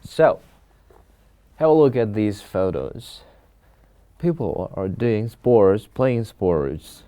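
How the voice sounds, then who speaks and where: A man teaching an English video lesson, who says new words slowly and repeats each one twice so learners can copy it. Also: fairly low pitch, expressive, dark tone. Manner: slow, repeats each word for pronunciation practice. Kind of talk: video lesson, vocabulary drill. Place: studio recording.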